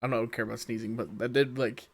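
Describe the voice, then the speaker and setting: A man's voice: medium pitch, little pitch movement, fast, breathy edge. A man co-hosting a casual podcast over a voice call, reading out questions and laughing often. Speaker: podcast co-host. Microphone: voice call mic.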